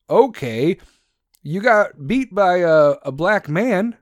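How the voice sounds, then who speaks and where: A fairly high-voiced man rants in a profane, sarcastic monologue, his pitch swinging up and down as he gets worked up. The sound is dry and close, with no room around him. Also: expressive, measured pace, no room sound. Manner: heated, sarcastic, swears constantly; mocks others in put-on voices.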